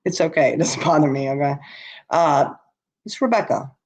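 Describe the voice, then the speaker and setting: A woman's voice: low-pitched, fairly even intonation, moderate pace, a little mellow. A tired woman hosting a casual livestream, talking bluntly and answering her chat as she goes. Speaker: livestream host. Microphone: laptop or webcam.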